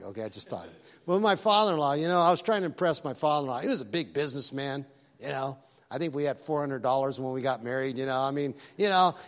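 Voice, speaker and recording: A man's voice: medium pitch, long reverb tail. A male pastor preaching a sermon in a casual storytelling way, with asides to the congregation.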